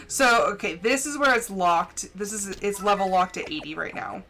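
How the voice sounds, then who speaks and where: A young woman streaming a farming game, chatting fast and casually with a slight lisp and lots of "like". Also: mid-range voice, expressive, sharp tone. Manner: chatty, fast, says "like" a lot. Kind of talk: casual chat while gaming. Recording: faint music underneath.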